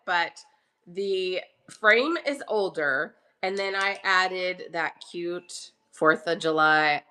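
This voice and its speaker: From her home kitchen, a woman hosts a live online auction in easygoing selling chat, calling out viewers by name. Her medium-pitched voice is bright and forceful, and she's getting over a cough.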